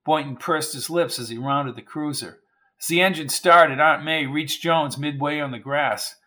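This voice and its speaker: A man reading a novel aloud in scripted narration, steady and measured. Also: on the high side. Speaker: audiobook narrator.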